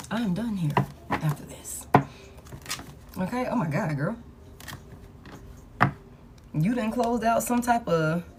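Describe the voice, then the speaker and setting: A woman's voice: mid-range voice, noisy background. Blunt, cursing woman reading tarot. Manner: blunt and profane, thinking aloud while pulling cards; talks straight to her viewers. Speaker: tarot reader. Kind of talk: live collective tarot reading.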